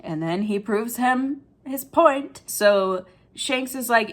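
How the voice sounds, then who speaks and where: A woman's voice: on the high side, lively intonation, takes it slowly. A woman recapping a manga chapter in casual chat, chatty and emotional, saying "like" often. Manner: chatty and emotional, says "like" a lot.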